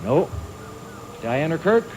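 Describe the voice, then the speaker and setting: A man hosting a quiz show, briskly reading clues and calling on contestants. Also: a little high, rough recording. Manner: brisk, lively and animated. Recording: archival TV audio with faint hiss.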